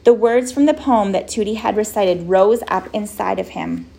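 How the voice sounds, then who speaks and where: A woman narrating a children's storybook in a gentle, wry way. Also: mid-range voice, normal speed, vocal fry. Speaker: audiobook narrator.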